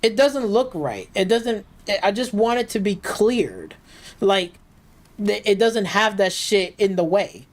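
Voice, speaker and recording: A man's voice: high-pitched, lively intonation, takes it slowly, rough recording. Profane ranting man streaming gameplay. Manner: loose, filler-heavy, restarts. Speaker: gaming streamer. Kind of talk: live gameplay commentary.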